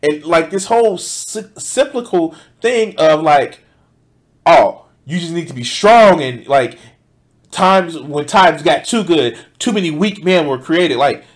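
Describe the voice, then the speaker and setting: A man streaming himself as he reacts to a video, talking casually and profanely and breaking into sudden loud outbursts. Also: a little high, animated, slow. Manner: reads out donation thanks.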